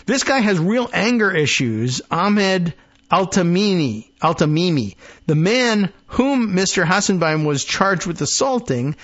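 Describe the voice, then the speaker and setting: A man's voice: high voice, sing-song, unhurried, muffled recording. A man hosting a political talk show, reading news aloud with sarcastic asides and mock quotes. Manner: sarcastic, mocking, acts out imagined quotes.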